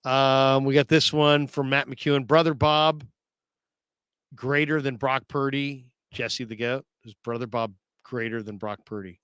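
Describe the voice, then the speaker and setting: A man's voice: medium pitch, steady tone, a little slow, fairly bright tone, smooth, dry recording. A man hosting a casual sports talk show, reading viewer comments aloud and laughing often.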